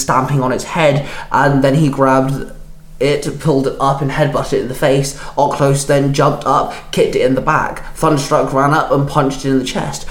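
Male storyteller, plain brisk reading, mid pitch, roomy echo. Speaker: fan fiction reader. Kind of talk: storytelling narration.

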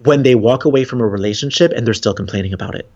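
A man speaks in an earnest, rambling way on a casual podcast, often breaking into a laugh. His voice sits at an ordinary pitch. The sound is dull and somewhat lo-fi. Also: rapid-fire, a little mellow. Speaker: spiritual guest.

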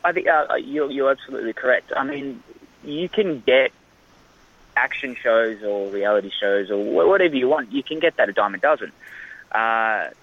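An Australian actor being interviewed in casual chat, rambling with frequent restarts and fillers. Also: male voice, mid-range voice, expressive, normal speed, narrow, tinny audio. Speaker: actor guest.

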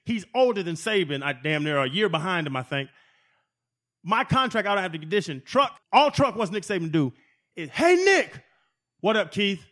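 A man in his forties, a former football player, telling profane, animated stories as a podcast guest. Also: high voice, brisk. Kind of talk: casual storytelling.

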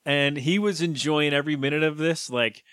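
A man's voice: a little high, normal speed, a bit bright, clear, resonant tone, no echo, studio quality. A man co-hosting a podcast, chatting casually and jokingly about a TV episode, rambling with lots of fillers. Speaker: podcast co-host. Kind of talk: casual chat recapping a TV episode.

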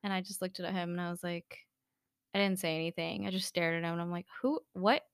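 A woman's voice: lowish voice, little pitch movement, quick pace, clear, resonant tone, no room sound, clean studio sound. A young woman co-hosting a podcast, telling a story in casual chat with lots of fillers. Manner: chatty storyteller, many fillers. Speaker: podcast co-host.

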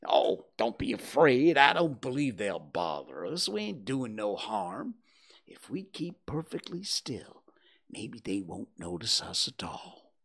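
A man voicing a nervous but brave young boy who talks in hushed, urgent whispers. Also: on the low side, very animated, slow pace, husky, exaggerated voice.

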